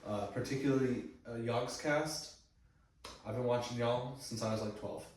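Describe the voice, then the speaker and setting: A man's voice: medium pitch, normal speed, darkish tone. Young American guy, hesitant co-host with lots of "uh"s, heard from a distance in a very echoey room. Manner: hesitant, many "uh"s and restarts. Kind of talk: casual chat. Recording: echoey room, far from the mic, faint noise.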